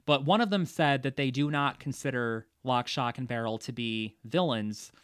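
A man's voice: medium pitch, normal speed, clean tone, dry recording, clean studio sound. A man hosting a casual movie discussion, chatty, with frequent laughs and fillers. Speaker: podcast host.

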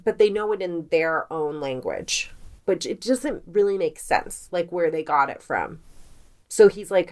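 A woman co-hosting a podcast, telling spooky stories in a casual, animated way and acting out quotes. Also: on the low side, a little slow. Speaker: podcast co-host. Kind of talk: casual storytelling chat.

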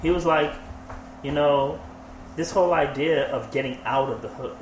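A man's voice: on the high side, normal speed. Reflective man in echoey room. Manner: reflective, agreeable, frequent affirmations. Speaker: podcast co-host. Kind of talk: casual chat. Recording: echoey room with faint noise.

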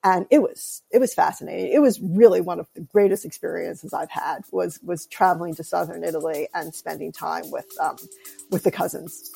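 A woman, an author, telling family stories in a casual interview, animated and laughing often, with a raspy voice. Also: on the low side, normal speed, faint music behind. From United States. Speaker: guest, author.

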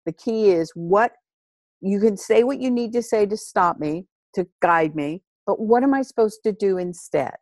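A woman's voice: medium pitch, moderate pace, a little mellow, dry recording, studio quality. A woman in casual conversation about parenting, speaking earnestly and emphatically in a coaching tone.

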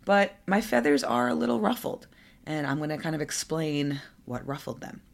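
A woman's voice: deep voice, animated, moderate pace, creaky. A young adult woman hosting her own podcast, talking candidly and conversationally with fillers and asides. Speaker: podcast host. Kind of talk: solo podcast monologue.

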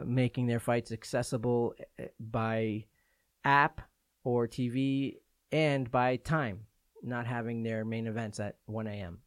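A man's voice: mid-range voice, clear, resonant tone, dry recording. Easygoing male podcast host, dry sound. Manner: easygoing, asks questions. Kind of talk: casual chat.

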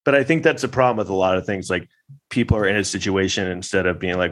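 A man's voice: low voice, fast. A man delivering a rambling, sarcastic, profane monologue as a podcast host. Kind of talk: casual ranting monologue.

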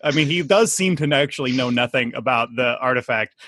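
A man's voice: medium pitch, brisk, fairly bright tone, no room sound. A man talking on a podcast in casual chat, rambling with many fillers like "like" and "I mean".

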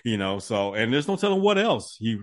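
A man's voice: mid-range voice, sing-song, a little fast, no echo, studio quality. A man co-hosting a podcast, explaining his points emphatically and filling his talk with "you know". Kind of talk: casual podcast chat.

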